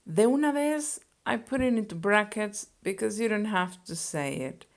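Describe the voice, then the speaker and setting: A woman teaching phrases, explaining each one slowly and with care. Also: mid-range voice, lively intonation. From Spain. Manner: slow and deliberate, explaining phrases and conjugations. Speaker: Spanish teacher. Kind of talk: scripted language lesson.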